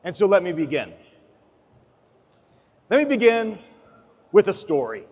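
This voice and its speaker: Man, high voice, preachy talk with big swings from loud to hushed; dull, muffled sound in a reverberant hall. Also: very animated, measured pace, slightly rough. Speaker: speaker giving a talk. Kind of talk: impassioned sermon-like talk.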